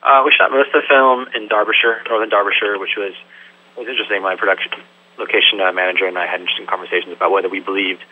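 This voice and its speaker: A man's voice: fairly low pitch, level tone, racing. A man, a film director, answering interview questions thoughtfully and loosely, with lots of "sort of" and "like". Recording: tinny phone-like line with faint hum.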